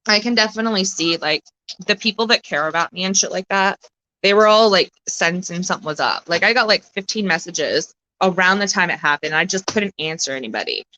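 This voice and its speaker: A woman chatting on a live stream, close to tears, halting and emotional, swearing often as she talks. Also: on the low side, expressive, bright, forceful tone, rough recording. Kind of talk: casual live-stream chat.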